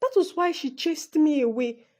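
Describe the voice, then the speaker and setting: A woman voicing a poor young maid who speaks softly and begs. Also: high-pitched, expressive, normal speed. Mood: tearful. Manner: pleading, soft-spoken.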